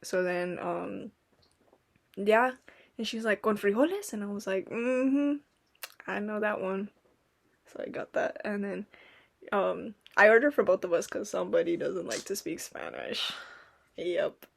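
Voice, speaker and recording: A woman's voice: mid-range voice, fairly even intonation, unhurried, vocal fry, long pauses. A young woman in casual podcast chat, telling rambling stories full of "like" and "um" and acting out quotes. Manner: rambling storytelling, lots of "like" and "um", acts out quotes. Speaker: podcast co-host.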